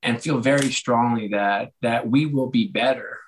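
A middle-aged man with a slightly hoarse voice talks in a loose, conversational way. He slips into the voices of the people in his stories and gives each one an animated delivery. His pitch sits right in the middle. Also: moderate pace, slight background noise, poor audio. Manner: animated, acts out quoted dialogue. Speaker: guest, author and former sports executive. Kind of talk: casual conversational storytelling.

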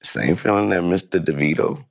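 Male interview guest, very low and gravelly voice, rambling, casual. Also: moderate pace, dry recording. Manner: loose, rambling delivery with many restarts and fillers.

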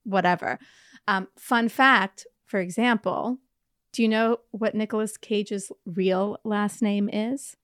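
A woman's voice: mid-range voice, steady tone, slow, a bit bright, no echo. Chatty young woman co-host, loose and profane storyteller, close dry sound. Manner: chatty rambling storyteller, swears freely. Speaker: podcast co-host. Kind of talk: casual chat.

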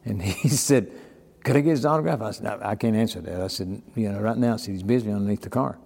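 An older man chats in a relaxed, folksy way, acting out the people in his stories. His voice is dark and mellow. The room rings with a long echo. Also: lowish voice, quick pace, gravelly, husky. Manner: folksy storyteller, acts out quoted dialogue. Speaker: podcast guest. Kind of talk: casual storytelling.

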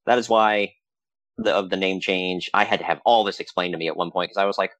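A man co-hosting a podcast, telling stories in a casual, animated way with frequent laughs. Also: sits low, brisk, no echo, dull audio. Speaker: podcast co-host. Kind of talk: casual chat.

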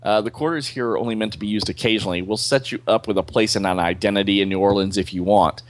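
A man's voice: lowish voice, steady tone, quick pace, dry recording. A man hosting a podcast, recapping a comic in casual chat with jokey asides. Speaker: podcast host reading a comic.

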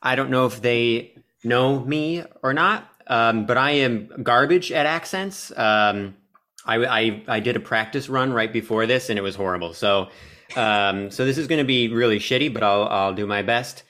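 Brief: male podcast co-host, mid pitch, halting, self-mocking. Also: pushed and bright. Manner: self-deprecating, hesitant with ums. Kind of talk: casual chat.

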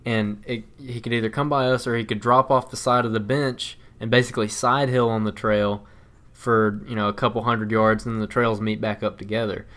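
A man's voice: fairly low pitch, a little fast. Rambling man telling a hunting story. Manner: animated, rambling, laughs often. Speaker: podcast co-host. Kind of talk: casual storytelling chat.

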